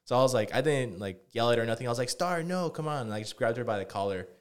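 A man's voice: mid-range voice, racing, clear, resonant tone. A man co-hosting a podcast, telling a rambling story in casual chat with lots of fillers and swearing. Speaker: podcast co-host.

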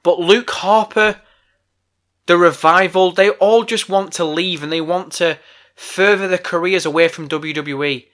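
A man's voice: high voice, steady tone, a little slow, a bit bright. A man hosting a podcast, delivering a heated, profane, exasperated rant. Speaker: podcast host. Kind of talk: ranting podcast monologue.

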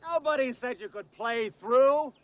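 An actor playing an angry, entitled male golfer who yells and swears at an intruder, in a film scene heard from a distance. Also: extremely high pitch, a little slow. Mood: belligerent. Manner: yelling, aggressive, swearing. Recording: distant film audio with faint noise.

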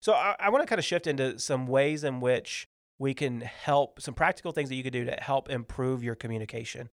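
A man's voice: medium pitch, a little fast, dry recording. A man with a mid-range voice hosts a casual podcast, walking through practical advice one point at a time. He keeps it light with small jokes and acted-out examples. The mic is close and dry. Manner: structured tips, light humor, acts out example dialogues. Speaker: podcast host. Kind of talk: casual teaching talk on workplace communication.

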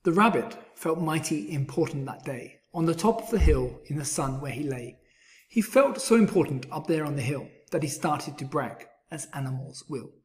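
A man's voice: a little high, lively intonation, moderate pace. A man reading a children's rhyming story aloud in a rhythmic storybook delivery.

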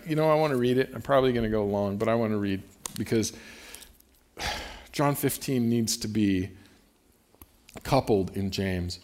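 Male pastor, mid-pitched, casual and emphatic sermon delivery with scripture readings.

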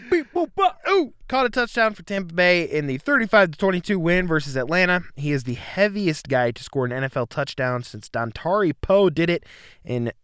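Relaxed young man reading out football stats. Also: a little high, smooth, no room sound, clean studio sound. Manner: relaxed, reads stats and segments off notes. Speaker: podcast co-host. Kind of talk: casual sports chat.

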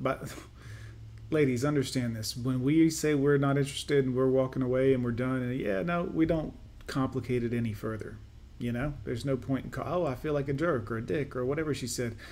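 A man's voice: mid-range voice, a little mellow, a little hiss or hum. A man hosting a reaction video, commenting sarcastically and dismissively over played clips.

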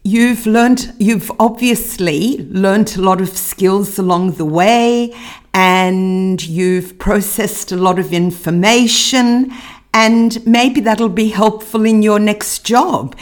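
A young woman co-hosting a relaxed podcast, speaking at an unhurried pace. She drops in teasing remarks and warm, encouraging advice. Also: mid-range voice. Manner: supportive, teasing interjections. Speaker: podcast co-host. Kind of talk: casual chat.

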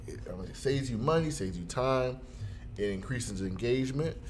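A man telling a funny everyday story in a casual chat, jumping into high voices when he quotes people. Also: lively intonation, moderate pace.

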